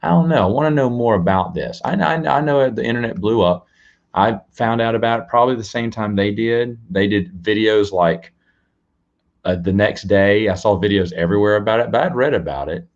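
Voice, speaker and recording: A man's voice: on the low side, a little fast, muffled recording. A man hosting a casual live stream, rambling, restarting his words and chatting directly with viewers. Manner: chats to viewers and reads out donations. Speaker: live-stream show host.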